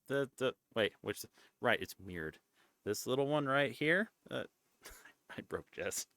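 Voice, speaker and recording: Male streamer, casual chat, playful teaser; unhurried delivery, gravelly tone. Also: mid-range voice, animated, a bit bright, dry recording. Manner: playful, teasing. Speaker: VTuber streamer.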